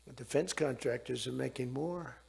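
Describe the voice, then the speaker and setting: A man's voice: medium pitch, normal speed, vocal fry, a little mellow, husky. A man in his seventies giving a rambling speech, digressing and repeating himself.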